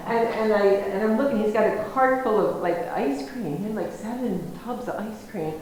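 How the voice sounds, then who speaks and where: An American woman lecturer tells her story in a rambling, self-interrupting way, often restarting mid-sentence. Her voice sits fairly high, and a strong echo fills the hall, with faint noise underneath. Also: moderate pace, a little mellow. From United States. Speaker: guest lecturer.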